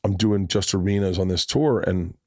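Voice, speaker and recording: A man's voice: low-pitched, moderate pace, no room sound, clean studio sound. A man hosting a podcast in casual chat, talking bluntly and joking with lots of swearing. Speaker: podcast host.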